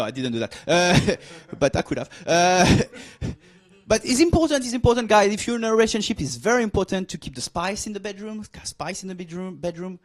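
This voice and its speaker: A cheerful French comic, likely in his forties, teases his comedy club audience with mock superiority during his stand-up set. He has a fairly high voice for a man and milks his punchlines by drawing them out.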